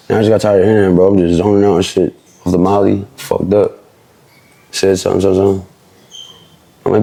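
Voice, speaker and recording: Fast, gravelly, low-voiced young man. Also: fairly even intonation, warm tone. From Philadelphia. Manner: street slang, fast and rambling. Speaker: interview guest, rapper. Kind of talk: casual storytelling.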